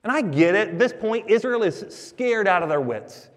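A man preaching a sermon as the pastor, talking to the congregation in a conversational, animated way. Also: high voice, moderate pace, big-room sound.

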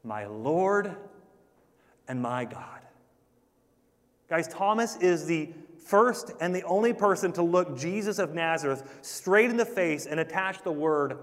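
A man's voice: high voice, moderate pace, few pauses, fairly bright tone. Earnest preaching man, reverberant hall. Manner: earnest, emphatic preaching with repetitions. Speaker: pastor. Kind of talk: sermon.

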